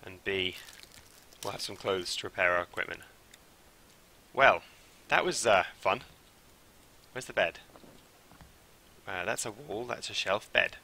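A young man streaming a game live, who swings from mumbled asides to loud, panicky shouts. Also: lowish voice, measured pace, vocal fry, long pauses, slight background noise. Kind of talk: live gameplay commentary.

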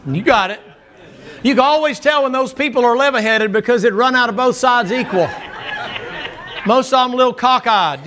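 A man's voice: extremely high pitch, sharp tone. A man preaching a sermon to a church congregation, telling folksy, humorous stories. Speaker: pastor. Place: church sanctuary before a congregation. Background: congregation answering amen.

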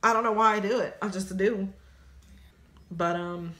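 A woman's voice: medium pitch, steady tone, moderate pace, sharp tone. A woman answering questions in a couple vlog, speaking earnestly and openly about her relationship. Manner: earnest, open, reflective. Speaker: vlogger's partner. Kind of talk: candid couple Q&A chat. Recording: roomy echo.

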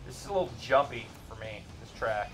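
A man's voice: lowish voice, expressive, a little fast, music in the background. A man co-hosting a gaming stream, giving wry, chatty commentary. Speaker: co-host of a live gaming stream. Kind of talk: casual chat over gameplay.

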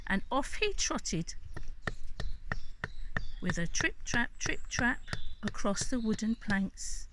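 Slow, gentle woman telling a children's story. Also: fairly high pitch, background noise. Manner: gentle, expressive. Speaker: forest school teacher. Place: outdoors on a wooden bridge. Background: birdsong.

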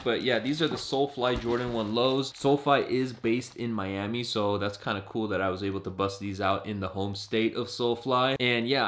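A young man vlogging to camera in a casual, upbeat way, showing off clothes and sneakers he picked up. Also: mid-range voice. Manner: upbeat, casual, hyped about sneakers and streetwear. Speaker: vlogger showing shopping pickups. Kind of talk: casual vlog talk to camera.

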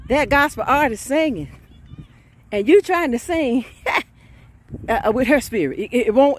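A woman preaching an informal sermon, fervent and chatty, often breaking into laughs and shouted exclamations. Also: high-pitched, animated, measured pace, pauses often, a little hiss or hum.

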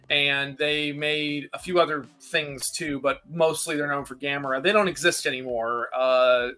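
A man's voice: on the high side, bright, forceful tone. A man in casual chat, answering questions in a rambling, self-interrupting way with frequent laughs. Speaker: guest kaiju expert.

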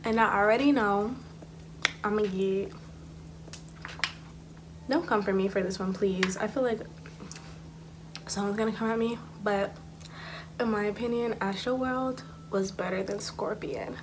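A woman's voice: medium pitch, a little slow, long pauses, background noise. A young woman hosting a casual eat-and-talk video, rambling with fillers and correcting herself as she goes. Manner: chatty, self-correcting, filler-heavy. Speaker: YouTuber hosting a mukbang. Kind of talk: casual chat while eating.

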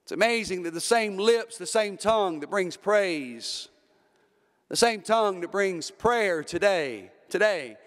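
High-voiced pastor preaching in a hall. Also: male voice, lively intonation, a little slow, a bit bright. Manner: preaching with emphatic rises and drops, repeating phrases. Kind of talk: sermon. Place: church sanctuary. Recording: reverberant church hall.

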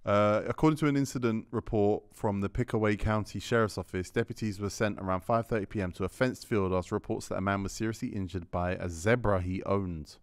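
Laid-back podcast host, low voice. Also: male voice, steady tone, a little fast, few pauses, clear, resonant tone, no echo, clean studio sound. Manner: laid-back, reads headlines aloud. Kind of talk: casual chat, reading news stories.

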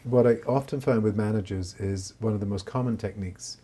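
This therapist gives interview answers in a husky, warm voice, fairly low and fairly quick. His manner is reflective, and he often tags his points with "right?" to check in.

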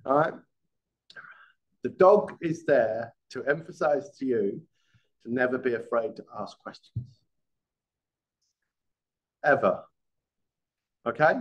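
A man's voice: medium pitch, muffled recording. A middle-aged man, a former police detective, giving a live classroom lecture, often restarting words and checking in with the class. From England.

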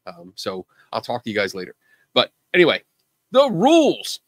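A man hosts a live show, chatting loosely and poking fun at himself. His pitch swings widely as he jokes along. The sound is dry and close, with no room around it. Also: huge pitch swings, normal speed, no echo. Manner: joking, self-deprecating, chatty. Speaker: host of a live call-in show. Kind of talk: casual livestream chat.

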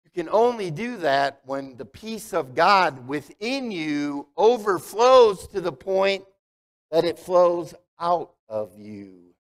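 A male pastor delivers an unhurried, conversational sermon, putting questions to his listeners. His voice sits high for a man. The sound rings out with a long reverb from the church sanctuary. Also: lively intonation. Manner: conversational preaching, asks the congregation questions.

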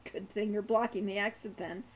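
A woman's voice: mid-range voice, fairly even intonation, normal speed, a little hiss or hum, close to an everyday voice. A woman reading aloud, voicing an irritable young male rogue who speaks bluntly. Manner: impatient, blunt.

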